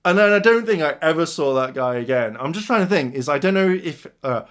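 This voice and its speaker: A young man telling a rambling, animated story from his past job, with many restarts. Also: on the high side, fairly quick. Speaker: youtuber. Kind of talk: storytime vlog.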